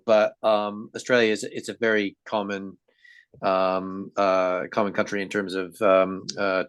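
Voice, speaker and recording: A man's voice: fairly low pitch, fairly bright tone, no echo. A Canadian man whose accent has picked up a British tinge chimes in during a wine class. He speaks hesitantly and is recorded close and dry. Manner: hesitant, many ums. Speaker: class participant. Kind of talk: casual chat.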